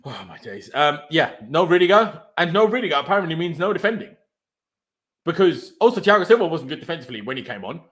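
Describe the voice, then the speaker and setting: A man's voice: fairly high pitch, very animated, fast talker, fairly bright tone. A man hosting a football fan show, ranting in exasperation, stumbling over his words and swearing. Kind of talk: angry post-match reaction rant.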